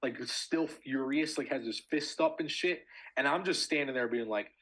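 Young male podcast co-host, husky voice, rambling, profane storyteller. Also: medium pitch, moderate pace, pushed and bright, low-quality recording. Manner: swears a lot, storytelling with many fillers. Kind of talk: casual chat.

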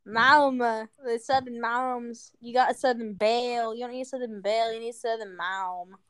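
A woman's voice: fairly high pitch, fairly even intonation, moderate pace, fairly bright tone, clear, resonant tone, no room sound. A woman co-hosting a podcast in casual chat, blunt and teasing. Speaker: podcast co-host.

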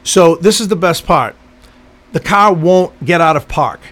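A man with a slightly high voice tells a story in loose, profane chat. He gets animated and rattles off the quoted lines fast, then drops back to a plain narrating tone. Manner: animated, profane, acts out quotes in quick bursts. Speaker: podcast co-host telling a story.

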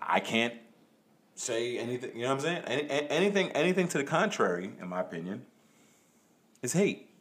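A man's voice: mid-range voice, very animated, a little fast, long pauses, fairly bright tone, breathy edge. A man hosting a solo podcast, talking casually and profanely, rambling and stammering through restarts, with rhetorical questions to the listener. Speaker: podcast host.

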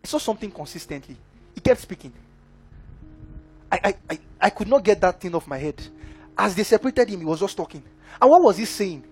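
A man preaching in a fairly high voice, emphatic and driving, constantly asking his listeners whether they follow him. He delivers a sermon as a minister, with soft music playing behind him. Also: animated, a little fast, long pauses, slightly rough. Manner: emphatic, keeps checking in with the congregation.

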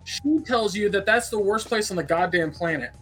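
A man narrating an improvised comic tabletop game as game master, stammering and crude, with a deadpan delivery. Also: sits high, moderate pace, soft background music.

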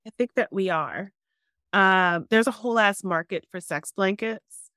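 A woman's voice: mid-range voice, measured pace, fairly bright tone, smooth, no echo. A woman co-hosting a podcast, frank and giggly, thinking aloud in casual chat close to the mic. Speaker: podcast co-host.

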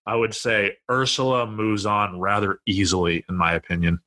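A man's voice: fairly low pitch, little pitch movement, normal speed, bright, forceful tone. A man co-hosting a casual beer podcast, reading tasting notes and making wry, sarcastic asides. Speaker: podcast co-host.

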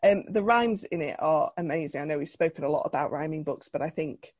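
A woman's voice: sits low, brisk, darkish tone, slightly rough, dry recording. A woman hosting an interview, asking questions in an enthusiastic, encouraging way. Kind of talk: podcast interview.

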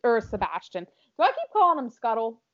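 A young woman co-hosting a casual makeup chat, excitable and bubbly, on a dull lo-fi recording. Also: a little high. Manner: excitable, bubbly, quick to laugh. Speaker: co-host.

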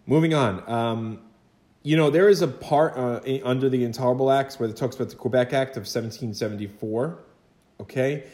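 This recorded history lecture features a man whose mid-range voice has a darkish tone, captured in an echoey room. He talks to his students in a chatty way, tossing out rhetorical questions, asides, and brief acted quotes.

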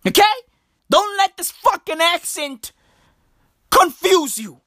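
A woman's voice: very high voice, lively intonation, slow, pushed and bright, no room sound, studio quality. A woman from Africa delivering a comedic rant monologue, profane and emphatic, peppered with slangy asides. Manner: profane, emphatic, slangy, repeats "bruv" and "broski".

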